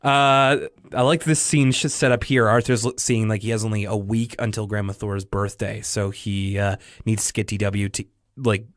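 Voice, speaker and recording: A man co-hosting a podcast, casually recapping a cartoon with animated storytelling. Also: on the low side, no echo, clean studio sound. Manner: animated storytelling, slipping into quoted voices. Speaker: podcast co-host. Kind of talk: casual chat about a cartoon.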